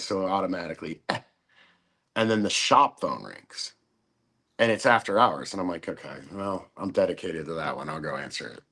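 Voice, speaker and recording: Casual male guest telling a story, somewhat low, profane, plays out every quote. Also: a bit bright. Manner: profane, acts out quoted voices. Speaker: podcast guest. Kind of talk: casual storytelling in a podcast interview.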